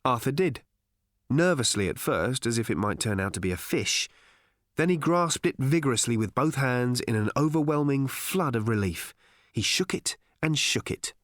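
A man's voice: mid-range voice, expressive, normal speed, fairly bright tone, dry recording. A man reading a novel aloud as the narrator, with a wry, dry delivery. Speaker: audiobook narrator. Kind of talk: scripted narration.

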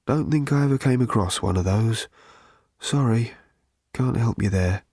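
A male narrator voicing an ancient, rusted, gloomy robot with a croaking, hollow rattle, speaking slowly and self-pityingly. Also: mid-range voice, a little mellow, dry recording, clean studio sound. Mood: weary. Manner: slow, mournful, self-pitying.

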